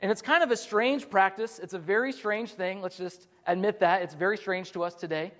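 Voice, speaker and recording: Man, pastor, high voice, earnest sermon, emphatic, long hall reverb. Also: a little fast, a bit bright. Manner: earnest, explanatory, emphatic, with frequent restarts.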